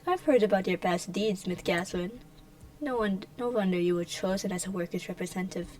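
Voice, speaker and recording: A woman voicing a smooth, menacing male noble official who speaks in formal, drawn-out sentences. The voice sits at an ordinary middle pitch for a woman. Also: a little mellow, natural voice, rough recording. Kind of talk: amateur fan dub.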